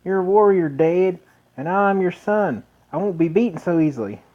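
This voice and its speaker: A man's voice: high voice, lively intonation, normal speed, pitched above the performer's own voice. A man voicing a young villager's son in a game, earnest and stubborn. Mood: defiant. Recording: dull lo-fi recording.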